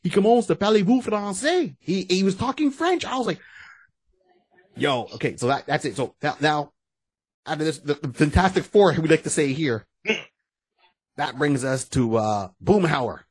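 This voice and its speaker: Animated man with a husky voice. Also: on the high side, a little slow, pauses often, dry recording. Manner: animated, acts out quotes. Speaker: podcast co-host. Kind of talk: casual chat.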